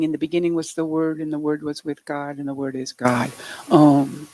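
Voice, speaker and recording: A woman speaker giving a meditative sermon, soft and reflective, with light joking asides. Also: sits low, dry recording. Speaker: spiritual speaker.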